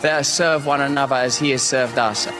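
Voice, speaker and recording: A man's voice: medium pitch, fairly even intonation, brisk, long reverb tail, music in the background. A man giving a fervent, preacherly testimony in ornate language. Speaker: guest. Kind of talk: earnest spiritual testimony.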